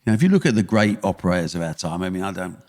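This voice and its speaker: An older man with an East London accent tells punchy, blunt stories. His low voice rises and falls a lot. The room has a long, ringing reverb. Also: lively intonation, racing, darkish tone. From England. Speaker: guest, sports promoter. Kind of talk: podcast interview.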